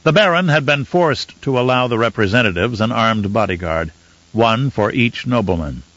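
A man reading an audiobook as narrator, in a measured, even manner. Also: mid-range voice, no echo, dull audio. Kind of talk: scripted narration.

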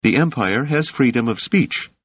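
A man's voice: medium pitch, animated, moderate pace, a bit bright, breathy edge, dry recording, voice pushed up. A man voicing a cool, confident young woman who speaks dryly and firmly, in a slightly muffled recording.

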